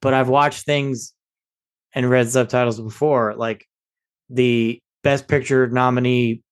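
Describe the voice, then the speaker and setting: A man's voice: mid-range voice, little pitch movement, takes it slowly, smooth. A man co-hosting a casual movie review podcast, joking and rambling in a self-deprecating way. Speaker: podcast co-host.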